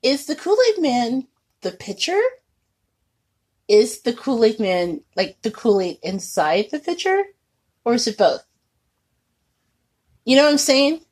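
A woman co-hosting a podcast in casual chat, laughing often and animated. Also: a little high, slightly rough. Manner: laughs often, animated, quick bursts of surprise. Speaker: podcast co-host.

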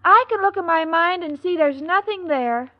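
Super high ditzy sweet girl, naive, muffled old radio sound. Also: lively intonation, moderate pace. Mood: innocent. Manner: naive and earnest. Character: scatterbrained, sweet young woman. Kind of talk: 1940s radio sitcom acting. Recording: dull old radio recording.

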